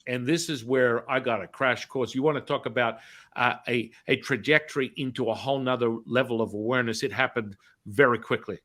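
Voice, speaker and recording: A middle-aged man, hosting a talk show and telling a story in a lively, casual way, acting out the dialogue and swearing now and then. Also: medium pitch, brisk. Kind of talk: animated anecdotal storytelling.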